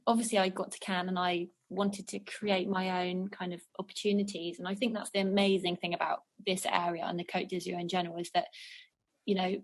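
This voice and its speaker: A woman's voice: on the low side, flat delivery, a little fast. Woman singer being interviewed, chatty, lots of ums and starting over. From England. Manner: chatty, rambling, many fillers and restarts. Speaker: jazz and soul singer, guest. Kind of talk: casual interview chat. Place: living on the French Riviera.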